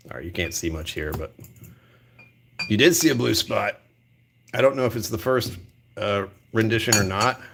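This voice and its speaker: A man's voice: low voice, slight background noise. A man hosting a casual live vlog from a whiskey store aisle, thinking aloud and laughing often. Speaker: whiskey channel host.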